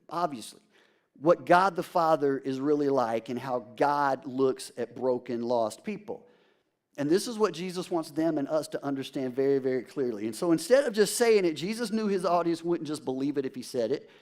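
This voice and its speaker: Animated, high-voiced male pastor preaching. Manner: animated, emphatic, conversational preaching. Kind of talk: sermon.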